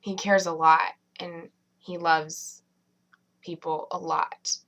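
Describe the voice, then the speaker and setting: A woman's voice: lowish voice, level tone, slow, fairly bright tone, rough recording. A woman reviewing a TV episode in a casual, rambling way, full of fillers and restarts. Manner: chatty, many fillers and restarts.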